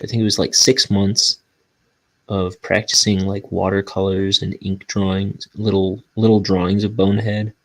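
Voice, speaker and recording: A deep-voiced cartoonist with vocal fry rambles casually as he inks a graphic novel, frequently making fun of himself. The recording quality is low.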